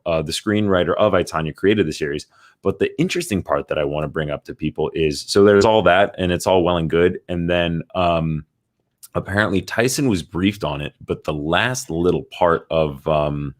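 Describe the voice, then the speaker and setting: A very deep-voiced man co-hosting a movie podcast. He rambles in a loose, casual way, reading news items aloud and padding his sentences with ums and likes. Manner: rambling, reads out news articles with many fillers. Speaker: podcast co-host.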